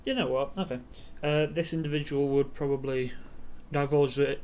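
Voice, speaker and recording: A man's voice: a little high, fairly even intonation, moderate pace, darkish tone. A man running a tabletop game on stream as game master, narrating loosely and hesitantly with many fillers. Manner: loose, hesitant narration full of ums and "sort of".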